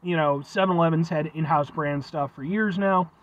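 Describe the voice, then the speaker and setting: A congested man talks in a high, lively voice as he rambles through a casual food review vlog. He records from inside his truck, and the sound is a bit dull and lo-fi. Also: normal speed. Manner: rambling, chatty, animated.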